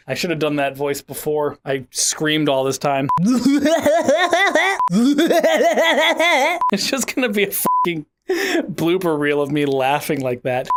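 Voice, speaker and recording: A man's voice: on the high side, background noise. A man giving a profane, sarcastic, self-mocking commentary on a video game, with blooper outtakes.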